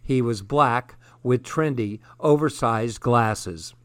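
A man narrating a first-person story in a measured, steady way. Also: mid-range voice, smooth, no room sound. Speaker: audiobook narrator.

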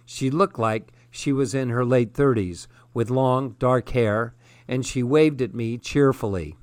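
A man narrating a first-person story in a measured, steady way. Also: mid-range voice, no room sound. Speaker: audiobook narrator.

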